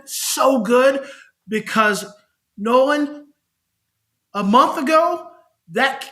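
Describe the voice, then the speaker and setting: A man's voice: very high voice, takes it slowly, long pauses. A middle-aged man, a child behavior specialist on a podcast, telling stories conversationally and acting out the parents he quotes. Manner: animated, acts out parents' voices when quoting them. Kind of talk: conversational storytelling.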